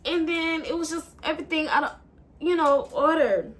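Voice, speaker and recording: A young woman telling an emotional story in a halting way, full of fillers and swearing, and fighting back tears. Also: high-pitched. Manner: halting, with many fillers and profanity. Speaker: vlogger.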